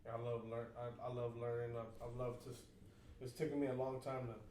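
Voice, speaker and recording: A man co-hosting a casual podcast chat, speaking in an earnest, halting way with many restarts. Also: medium pitch, flat delivery, mellow, a little hiss or hum. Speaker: podcast co-host, uncle. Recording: roomy, distant from mic, faint ambience.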